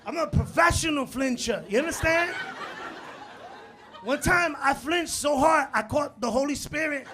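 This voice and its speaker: High-pitched guy doing live standup in a club, yelling punchlines, crowd laughing, noisy room. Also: measured pace. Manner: animated, acts out scenes, shouts punchlines, drops Spanish words. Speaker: stand-up comedian. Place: comedy club stage. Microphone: handheld stage mic. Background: laughing audience.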